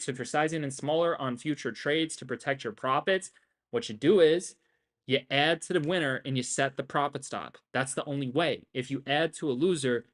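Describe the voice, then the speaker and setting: Brief: young man, raised voice, cocky trading streamer who swears constantly and lectures his chat. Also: on the high side. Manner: brash, boastful, heavy swearing, repeats "right?". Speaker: stock trading livestreamer. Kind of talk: profane ranting livestream talk.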